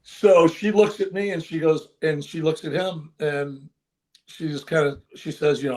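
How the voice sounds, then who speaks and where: An older man, a former baseball manager, telling an emotional story in an interview with earnest, animated delivery. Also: a little high, moderate pace. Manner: earnest, animated, with frequent restarts.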